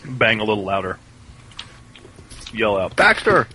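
A man's voice: medium pitch, lively intonation, moderate pace, a bit bright, slight background noise. A man playing a tabletop game, talking casually and easygoing. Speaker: player.

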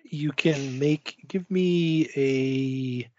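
A man running a tabletop role-playing game as game master, narrating slowly with many fillers. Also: mid-range voice, a little mellow, highs cut off, slight background noise. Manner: slow, hesitant, many fillers.

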